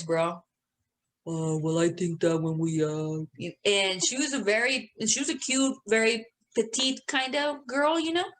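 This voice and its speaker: A woman's voice: mid-range voice, a bit bright. A young woman co-hosting a podcast, telling stories in casual chat with plenty of swearing and laughter. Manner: profane, laughing storyteller. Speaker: podcast co-host.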